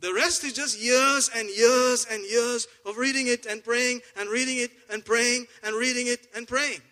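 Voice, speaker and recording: Lively high-voiced preacher man. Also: normal speed. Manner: lively, jokey, swings from soft asides to loud exclamations. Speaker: pastor. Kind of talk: sermon.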